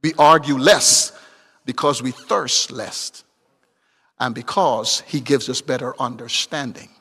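A man preaching a sermon, swinging between loud emphatic bursts and hushed asides. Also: medium pitch, takes it slowly, breathy edge, in a large hall.

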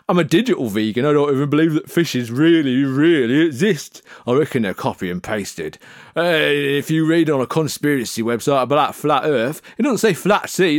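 A man's voice: on the high side, dry recording, studio quality. A man doing a silly, rambling improvised comic monologue, hosting for a podcast agency. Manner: silly, rambling, jumps between put-on voices.

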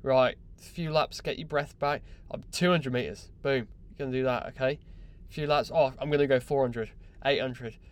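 A man hosting a solo podcast, chatty, excitable and self-mocking, recorded in a crew cabin on board a yacht. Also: mid-range voice, normal speed, clean tone. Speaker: podcast host.

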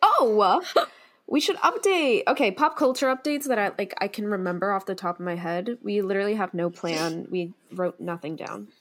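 A woman's voice: mid-range voice, normal speed. A young woman co-hosting a podcast, chatting loosely and filling gaps with "like" and "um". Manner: relaxed, filler-heavy chatter. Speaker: podcast co-host. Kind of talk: casual chat.

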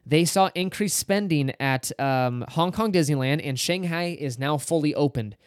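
A man's voice: on the high side, moderate pace, dry recording, clean studio sound. A man co-hosting a casual podcast, explaining figures in an upbeat way and teasing as quizmaster. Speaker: podcast co-host.

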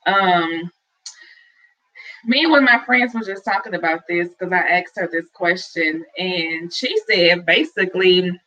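A woman's voice: lowish voice, a little slow, sharp tone, a little hiss or hum. A woman co-hosting a casual talk show, chatting in a playful way. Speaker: co-host. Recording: dull lo-fi sound.

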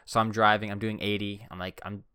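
A young man talks quickly through a rambling, self-deprecating story with joking asides. His voice is bright, smooth and a touch low. It sounds dry and close to the mic. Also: little pitch movement, no room sound. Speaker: podcast host. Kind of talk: casual storytelling. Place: seated indoors on a swivel chair.

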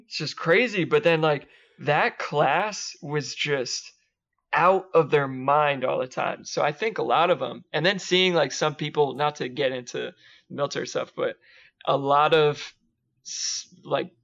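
A man's voice: fairly high pitch, unhurried, creaky, a bit bright. A young man in his twenties co-hosting a casual podcast, telling stories with lots of swearing and acting out quotes in a raised voice. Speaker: podcast co-host. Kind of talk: casual storytelling chat. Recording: dull lo-fi podcast audio.

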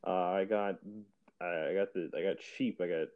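A man's voice: low-pitched, steady tone, moderate pace. A young man joining a radio show remotely, making wry, dry jokes. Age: young adult. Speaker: guest, host's younger brother. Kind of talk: casual chat. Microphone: remote call app. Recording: thin phone-like line over a remote app.

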